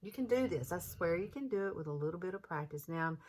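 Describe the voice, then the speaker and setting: A woman's voice: fairly low pitch, expressive, fast talker, darkish tone, a little hiss or hum. Chatty Southern woman in her fifties. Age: 50s. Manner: chatty and encouraging, folksy. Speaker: makeup tutorial host. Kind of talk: casual makeup tutorial.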